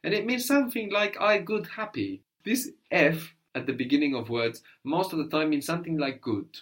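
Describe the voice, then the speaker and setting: A man's voice: on the high side, lively intonation, normal speed, fairly bright tone. A man teaching a one-on-one language lesson, explaining patiently step by step and prompting his student to answer.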